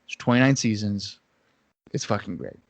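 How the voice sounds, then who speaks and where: A man's voice: on the low side, lively intonation, creaky, no room sound. Swearing man telling stories on a podcast. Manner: swearing, storytelling, quick asides. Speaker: podcast co-host. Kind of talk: casual chat.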